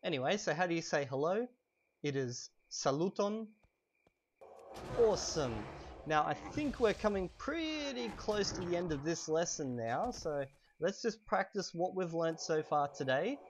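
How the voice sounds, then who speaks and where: A man teaching vocabulary in a casual, chatty way while playing a game at home, repeating each word slowly for learners, a little hoarse from a cold. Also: fairly high pitch. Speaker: language teacher. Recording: steady background noise.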